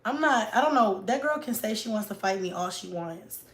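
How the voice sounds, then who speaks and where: A woman's voice: mid-range voice, lively intonation, normal speed, reverberant. A woman in her thirties, a mom vlogger chatting casually, blunt and profane, talking back to critics. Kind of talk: casual livestream-style chat.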